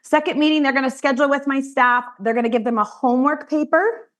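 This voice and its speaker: A woman's voice: high-pitched, quick pace. A woman and financial advisor teaching colleagues how she runs client meetings, talking directly and acting out what she says to clients. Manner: animated, direct, acts out client conversations. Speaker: financial advisor training peers. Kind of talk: training talk to colleagues.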